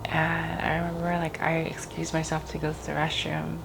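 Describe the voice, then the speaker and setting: A woman with a low, deep voice shares her own story in a loose, conversational way, often pausing on filler words. Her tone has a gravelly, fried edge. Faint noise sits behind her. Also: little pitch movement. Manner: casual, rambling, lots of filler words. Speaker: host. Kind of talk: personal storytelling.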